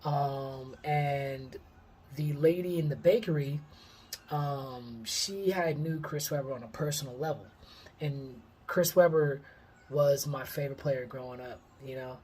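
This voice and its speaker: A man in his thirties from the Sacramento area of California, casually telling a personal story with lots of fillers and lively quoted dialogue. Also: mid-range voice, a little slow, slightly rough. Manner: rambling, heavy on fillers, lively when quoting others. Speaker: vlogger.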